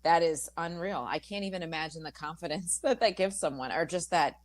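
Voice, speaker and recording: A woman co-hosting sports talk radio, effusive and excited, restarting her sentences as she raves. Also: fairly low pitch, brisk. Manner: effusive, gushing, trailing restarts. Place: radio studio.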